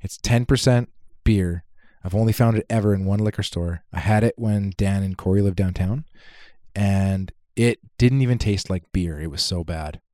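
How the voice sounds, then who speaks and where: A man's voice: low-pitched, moderate pace, mellow, dry recording, studio quality. A man co-hosting a podcast, chatting casually and swearing freely as he rambles through stories. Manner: profane, rambling storyteller. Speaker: podcast co-host. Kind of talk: casual chat.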